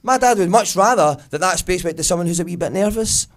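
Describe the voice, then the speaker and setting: A Glaswegian man in his thirties performing a stand-up comedy set, telling stories and slipping into quick voices of his family. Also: high voice, animated. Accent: Glaswegian Scottish. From Scotland. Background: audience laughter.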